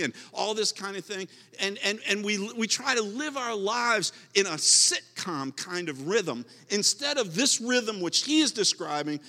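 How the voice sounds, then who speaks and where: A man's voice: high-pitched, expressive, unhurried, hardly any pauses, sharp tone, long reverb tail. A man preaching a sermon as pastor, emphatic and repetitive, often restarting his words.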